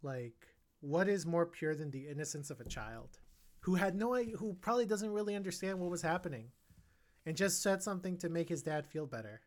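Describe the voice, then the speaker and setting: A man co-hosting a podcast, reviewing a film in casual chat, animated and earnest, quoting characters' thoughts as he talks. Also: fairly high pitch. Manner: animated, acts out characters' thoughts in quick quotes; emotional and earnest about the film. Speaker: podcast co-host.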